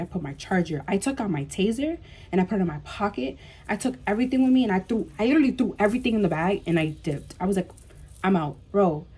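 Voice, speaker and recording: A young woman vlogger telling a storytime tale in an animated way, full of "like" and "bro" and emphatic repeats. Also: medium pitch, breathy edge. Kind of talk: storytime vlog.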